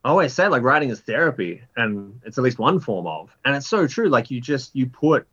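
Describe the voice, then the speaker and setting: A man in his thirties, a writer being interviewed, talking in a rambling, animated way full of fillers. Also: fairly quick, breathy edge, muffled recording. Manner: animated storyteller, jumps pitch for inner voices. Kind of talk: casual conversational interview.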